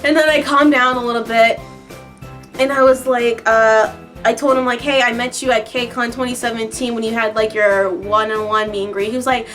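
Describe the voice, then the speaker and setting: Young woman vlogger chatting to camera, high bright voice, gets all squealy and excited, soft music behind. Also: moderate pace. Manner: excitable, breaks into high squeals when retelling. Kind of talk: casual storytelling to camera.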